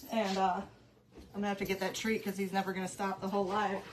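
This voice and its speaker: At home with her dog, a chatty, giggly woman hosts a craft live stream, rambling and easily amused as she keeps breaking off to greet viewers. Her mid-range voice is fairly quick with little pitch movement, and the background is noisy.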